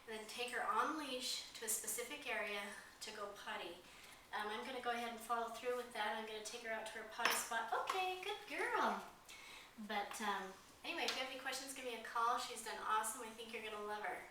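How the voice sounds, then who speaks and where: A woman dog trainer explaining a training routine step by step in a calm instructional demonstration, pausing with frequent fillers. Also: fairly high pitch. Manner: explains steps calmly, with frequent "um"s. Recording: very echoey, distant mic, faint noise.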